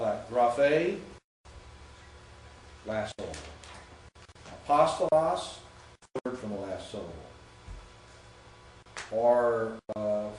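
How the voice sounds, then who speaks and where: A man's voice: mid-range voice, a little hiss or hum. A man teaching a class on Greek, explaining rules step by step and quizzing his students. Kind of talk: classroom lecture. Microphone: far from the mic. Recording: very echoey distant classroom recording.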